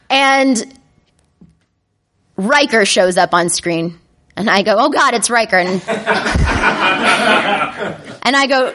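A woman with a fairly high voice tells a comic personal story to a listening crowd. She is animated and self-mocking, and she jumps into shrill, panicky voices when she acts out her own thoughts.

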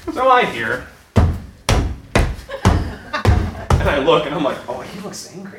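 A man telling a personal story, animated, often laughing as he talks and acting out his own reactions. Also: high voice. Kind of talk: personal story told live. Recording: echoey room with background noise.

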